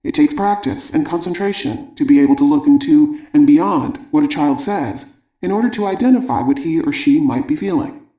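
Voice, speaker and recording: A man reading a parenting audiobook in a calm, measured way. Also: fairly high pitch, echoey room. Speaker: audiobook narrator. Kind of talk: scripted audiobook narration.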